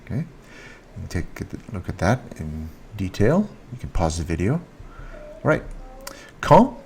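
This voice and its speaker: A man teaching grammar in a video lesson, repeating example sentences and lifting his pitch on the question words. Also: big pitch swings, moderate pace, a little mellow, a little hiss or hum. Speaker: French teacher.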